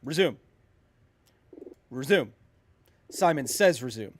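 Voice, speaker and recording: Talking with his viewers as he plays a video game, a man in his thirties rambles casually and makes fun of himself while answering chat. His medium-pitched voice is expressive and moves at a normal speed.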